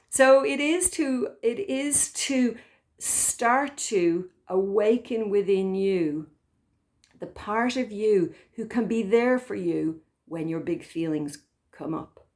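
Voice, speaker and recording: Woman, therapist, gentle, reflective, soft pauses, restarts. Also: mid-range voice. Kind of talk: reflective spoken talk to camera.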